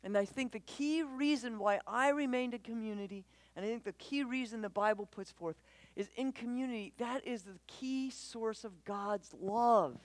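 A woman giving a conversational church talk on parenting, animated and quick to act out voices, often asking the audience questions. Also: a little high, dry recording. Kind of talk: conversational sermon.

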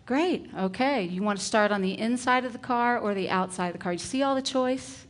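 A woman, a kindergarten teacher, giving a parenting talk full of classroom stories and acting out the dialogue in gentle, earnest tones. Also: on the high side, fairly quick. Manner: acts out dialogue with a shift of voice.

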